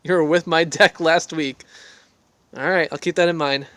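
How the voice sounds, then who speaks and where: A man's voice: fairly high pitch, steady tone, normal speed, fairly bright tone, clean tone, dry recording. Rambling man chatting on a selfie stick. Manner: rambling, self-deprecating, reads and answers chat aloud. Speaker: livestream host answering viewer questions. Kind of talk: casual livestream chat. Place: outdoor deck of a house. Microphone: phone on a selfie stick.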